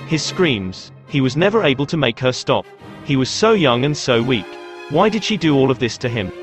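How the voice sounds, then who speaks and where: A man narrating a dark, emotional story in a slow, intense way. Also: mid-range voice. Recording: dry close voice over faint music.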